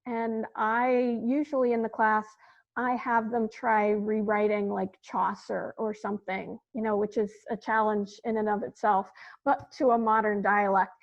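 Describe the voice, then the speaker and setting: A woman's voice: mid-range voice, little pitch movement, measured pace, lo-fi sound. A woman who teaches English, talking chattily and with enthusiasm in a webinar panel discussion over a video call. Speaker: English instructor.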